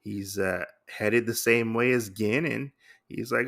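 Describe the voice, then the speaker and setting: A man casually recapping a comic story for his podcast. His voice is gravelly and bright, with a bit of fry. He rambles along loosely, with plenty of filler. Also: lowish voice, a little slow. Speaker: podcast host.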